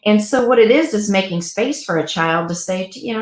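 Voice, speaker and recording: A woman co-host talks with lively, gushing warmth, her voice sitting at a middle pitch. The sound carries a noticeable echo from the room around her. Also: brisk, few pauses. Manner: warm, animated, gushing storyteller. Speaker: pet loss guide and co-host. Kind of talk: casual talk show chat.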